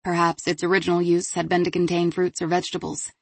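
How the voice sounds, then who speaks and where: A woman with a lowish voice reads crime fiction aloud in a measured, even audiobook style. The recording is close and dry, with no room sound. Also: vocal fry, no room sound. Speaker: audiobook narrator. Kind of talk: scripted audiobook narration.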